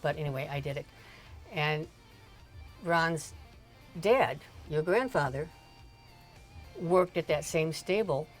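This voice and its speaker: An older woman tells stories from her younger days in a relaxed, rambling way, laughing between asides. Her voice sits on the low side for a woman. Faint music plays behind her. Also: slow pace, long pauses. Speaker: mother telling family stories. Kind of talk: casual storytelling chat.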